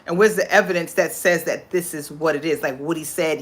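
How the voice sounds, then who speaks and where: A woman host giving casual, animated commentary on a court case, slipping into voices for the people she quotes. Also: deep voice, fast talker, hardly any pauses. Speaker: show host.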